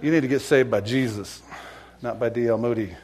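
A man preaching a sermon as pastor, emphatic and earnest, swinging between loud declarations and hushed pleading questions. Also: medium pitch, a little fast.

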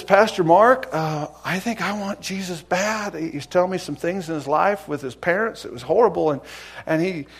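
Speaking a little high, this preacher is earnest and emphatic, moving from booming pronouncements to quiet, imploring questions as he delivers his sermon.

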